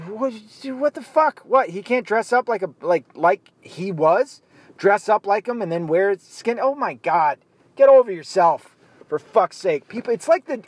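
A blunt, heated man delivers a profane solo rant in a fairly high voice. The recording is dry and close, with no room sound. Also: no room sound. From United States.

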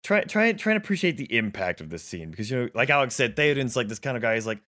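A man's voice: medium pitch, big pitch swings, fast talker, pushed and bright. A man chatting eagerly about films as a podcast co-host, rambling with lots of fillers. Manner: enthusiastic, rambling with many fillers. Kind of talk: casual film discussion.

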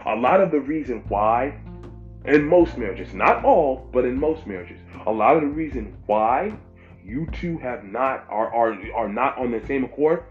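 Male pastor, mid-pitched, preaching informally with emphatic repetition; muffled recording, soft music underneath. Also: animated, a little slow. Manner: emphatic, repeats phrases for stress. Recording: dull lo-fi with faint music.

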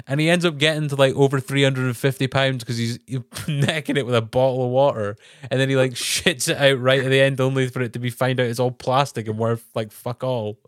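A man with a North East English accent, co-hosting a casual podcast chat over a video call, animated and laughing often as he acts out quotes. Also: medium pitch, fairly quick, few pauses, no room sound, clean studio sound. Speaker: podcast co-host.

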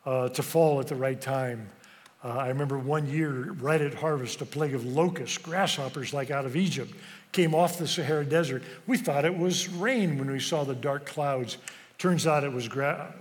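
A middle-aged man who grew up in West Africa, telling a personal story in an earnest, emotional speech with slow pauses and hesitations. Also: a little high. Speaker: speaker. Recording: long reverb of a large hall.

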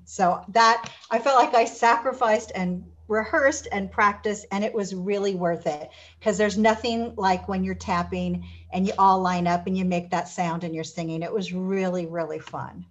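A woman chats in a relaxed interview, animated as she tells stories and jumps into the voices of people she quotes. Her pitch sits mid-range for a woman. The audio is a bit dull and lo-fi. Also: moderate pace, few pauses. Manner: animated storyteller, acts out quotes. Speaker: guest. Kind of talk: casual interview chat.

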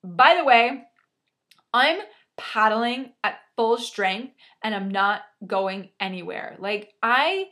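Animated, dramatic woman storyteller. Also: a little high, takes it slowly. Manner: dramatic and self-mocking, exaggerates for effect, mild swearing. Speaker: storyteller sharing a personal anecdote.

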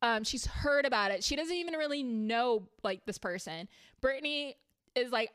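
A woman talking casually and heatedly through a reality TV recap, chatty and quick to swear when annoyed. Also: a little high, lively intonation, fairly bright tone, smooth, no echo.

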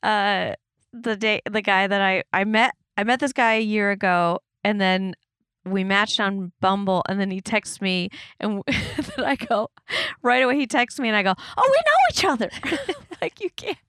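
A woman in her thirties hosts a loose, chatty podcast, telling funny stories with lots of fillers. Her voice sits in a middle pitch, recorded dry and close with no room sound. When she quotes herself, she shoots up into high, excited squeaks. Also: moderate pace, clean tone, no room sound. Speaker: podcast host. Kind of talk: casual chat.

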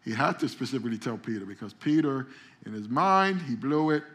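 A man's voice: mid-range voice, animated, fairly quick, a bit bright. A male pastor delivering a conversational sermon, repeating and restarting words as he goes and calling out to the congregation for responses.

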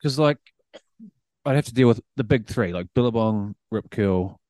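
A middle-aged man with a New Zealand accent, a podcast guest telling casual stories, swearing freely and animated. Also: on the low side, moderate pace, dry recording. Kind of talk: casual storytelling.

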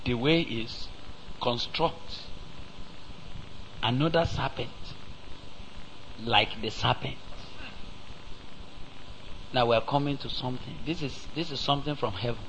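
This rough recording, with a little background noise, captures a Nigerian English-accented preacher at medium pitch. His sermon is slow and forceful, peppered with rhetorical questions to the congregation and abrupt loud surges.

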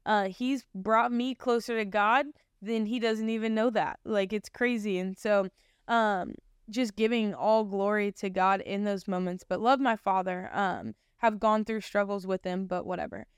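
Young woman rambling through her faith story, lots of likes and ums, smooth voice, dry close sound. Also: mid-range voice, measured pace, no room sound. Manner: rambling, filler-heavy storytelling; earnest and emotional. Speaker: podcast host. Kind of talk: personal testimony, casual chat.

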